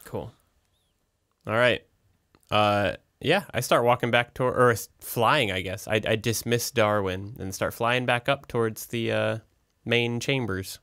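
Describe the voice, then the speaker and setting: A man's voice: on the low side, a little slow, a bit bright. A man playing a tabletop role-playing game, hesitant and polite, chuckling between lines. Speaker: player.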